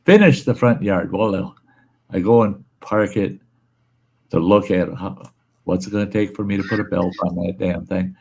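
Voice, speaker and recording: A gravelly, fairly low-voiced man hosting a casual livestream from home. He tells rambling, folksy stories, laughs often and swears now and then. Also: normal speed, a little mellow, a little hiss or hum. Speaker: livestream host. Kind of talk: casual chat and storytelling. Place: room at home where he smokes.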